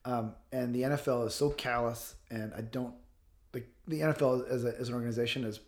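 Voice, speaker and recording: A man's voice: mid-range voice, steady tone, a little fast. Blunt, fiery man in his fifties. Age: 50s. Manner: blunt, passionate, swears freely. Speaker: guest author. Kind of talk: casual interview talk.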